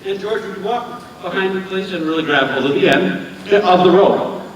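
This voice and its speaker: A man's voice: high-pitched, normal speed, muffled recording. A man performing as a stage magician, chatting and joking with volunteers in front of a live audience. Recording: echoey theater hall from far off, audience noise.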